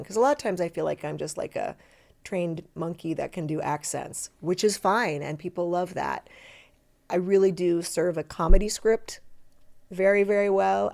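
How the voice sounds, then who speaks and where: A woman's voice: fairly low pitch, creaky. Chatty woman actress telling stories. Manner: chatty, self-deprecating, lively storyteller who slips into voices. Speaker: actress and podcast guest. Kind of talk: casual interview chat.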